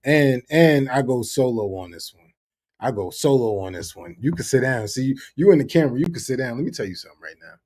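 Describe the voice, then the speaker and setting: A man's voice: medium pitch, animated, fast, darkish tone. A man co-hosting a podcast in casual chat, emphatic and fond of repeating phrases. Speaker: podcast co-host.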